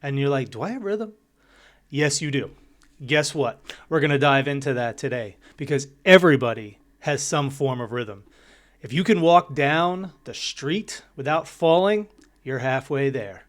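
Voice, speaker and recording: A man giving a casual, upbeat drum lesson, chatty and vocalizing beats and counts out loud. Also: mid-range voice, unhurried. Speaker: drum teacher.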